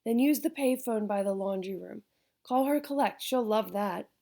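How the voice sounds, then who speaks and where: A woman's voice: medium pitch, moderate pace, vocal fry, mellow, close to an everyday voice. A woman voicing a bitter, dismissive mother who talks curtly and sarcastically, in an audiobook. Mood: sarcastic. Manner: curt, sarcastic.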